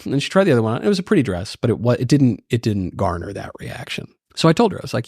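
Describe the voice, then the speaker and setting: A man's voice: medium pitch, quick pace, creaky, hardly any pauses, breathy edge, dry recording, clean studio sound. A man in his thirties, a podcast guest telling stories in casual, joking chat. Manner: lively, joking, lots of restarts.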